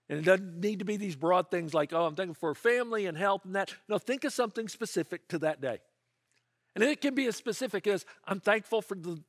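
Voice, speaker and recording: A man's voice: high voice, no room sound, studio quality. A man preaching a sermon, earnest and conversational, with asides and quoted prayers. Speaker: pastor.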